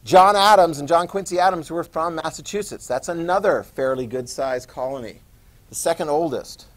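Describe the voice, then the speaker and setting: Male teacher, middle-aged, slightly high voice, casual classroom lecture with asides. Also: normal speed. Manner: chatty, asides and questions to students.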